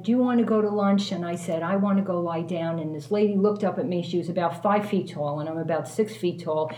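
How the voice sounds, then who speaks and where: A woman candidly telling a personal story as a guest, animated and self-mocking, swearing freely. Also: mid-range voice, echoey room.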